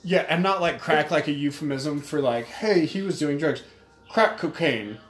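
A man's voice: fairly high pitch, moderate pace, a bit bright. Crude joking man in an echoey room. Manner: crude, joking, laughs mid-story. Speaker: podcast co-host. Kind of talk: casual storytelling chat.

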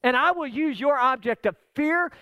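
A man voicing a calm, commanding divine figure who reassures frightened followers with insistent, repeated words. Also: extremely high pitch, moderate pace, no room sound, pitched above the performer's own voice, exaggerated voice.

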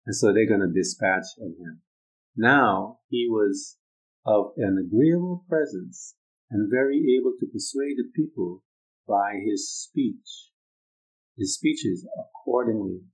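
A male preacher giving a sermon, emphatic, repeating his points and moving between loud urging and quiet low stretches. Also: animated, slow pace, poor audio.

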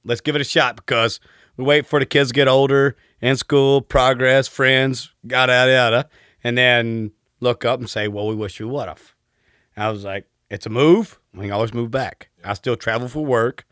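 A man's voice: medium pitch, steady tone, normal speed, fairly bright tone, no echo, clean studio sound. A man in his thirties from Texas with a Southern accent, telling stories as a podcast guest in an easygoing, polite way. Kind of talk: casual storytelling.

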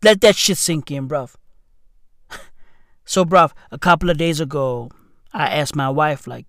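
A woman's voice: lowish voice, unhurried, dry recording, clean studio sound. A woman delivering a profane, exasperated comedic rant full of slang. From South Africa. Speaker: comedian ranting to camera.

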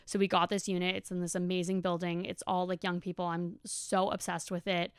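A woman's voice: on the low side, flat delivery, brisk, smooth, no echo, studio quality. A young woman hosting a podcast, telling a story in a chatty, casual way with lots of fillers and swearing. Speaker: podcast host. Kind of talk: casual monologue.

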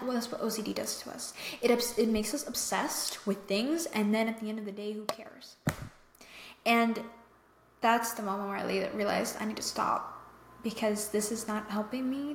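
A young woman talks earnestly through a faith-based mental health podcast, leaning hard on her points and checking in with the listener again and again. Her voice sits a bit high, and the room around her rings with echo. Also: moderate pace, slight background noise. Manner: emphatic and earnest, keeps checking in with "okay?". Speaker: podcast host. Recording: echoey room.

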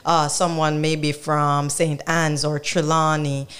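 Woman, Jamaican accent, low pitch, smooth clear voice, relaxed explanatory interview guest. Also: slow. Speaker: guest artist. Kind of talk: casual interview.

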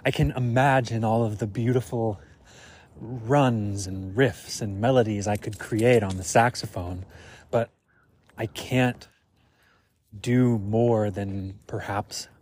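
A man's voice: fairly low pitch, fairly even intonation, takes it slowly, darkish tone, breathy edge. A man hosting a podcast alone, recorded outdoors while on a walk. He muses and thinks aloud in a reflective monologue, full of fillers. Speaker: podcast host.

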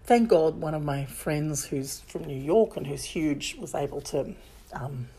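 A woman's voice: deep voice, expressive, unhurried, dark tone, husky. A woman telling a personal story in a candid, emphatic way, circling back and restarting her sentences as she goes.

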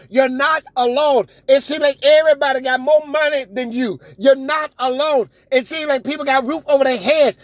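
A woman preacher delivering a sermon, shouting with call-and-response to the congregation. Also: sits high, no echo.

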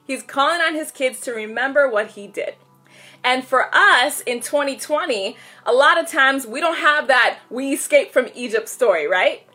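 A woman leads a casual livestream devotional, pitched a little high with a bright, forceful tone. She is upbeat, welcomes viewers by name and moves between prayer and scripture reading. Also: animated, moderate pace, soft background music. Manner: upbeat, greets viewers by name, laughs easily. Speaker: host of a live online Bible study.

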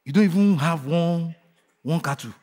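Male pastor, high husky voice, fervent sermon delivery that rallies the congregation to shout along. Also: moderate pace. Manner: asks the crowd rhetorical questions.

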